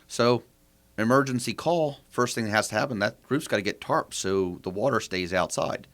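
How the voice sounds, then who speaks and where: A man's voice: mid-range voice, moderate pace, fairly bright tone. A man, a property manager guest on a podcast, explaining his process in a casual interview, walking through rhetorical questions one after another.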